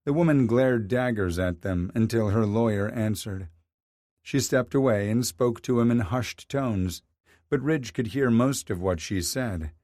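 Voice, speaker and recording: A man narrating a story in a measured, even reading voice. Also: mid-range voice, dry recording, clean studio sound. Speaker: audiobook narrator. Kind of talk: scripted narration.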